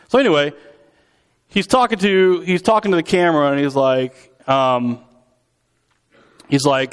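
A man's voice: fairly high pitch, fairly quick. A man preaching in a conversational, storytelling way, acting out quotes with vivid voices. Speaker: pastor. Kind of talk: sermon.

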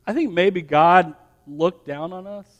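Male pastor, high voice, rambling anecdote with restarts that builds to firm preaching, long hall reverb. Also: muffled recording. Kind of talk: sermon with personal story.

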